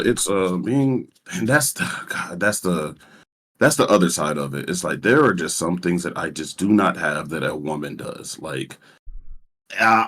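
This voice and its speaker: Call-in guest: a man with a very deep, husky voice. He is soft-spoken and halting, and sits back from his mic. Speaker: caller. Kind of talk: casual call-in chat. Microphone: voice call mic held too far away.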